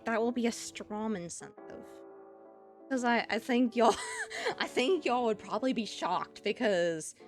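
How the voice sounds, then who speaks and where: Chatty Southern woman streamer with music behind. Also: fairly high pitch. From US Midwest and South. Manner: chatty, laughs often. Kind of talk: casual stream chat.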